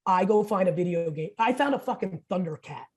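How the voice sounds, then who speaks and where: Man, forties, podcast guest, profane and blunt, mellow dark voice. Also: high voice, lively intonation. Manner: blunt, profane, rapid storytelling. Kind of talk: casual podcast interview.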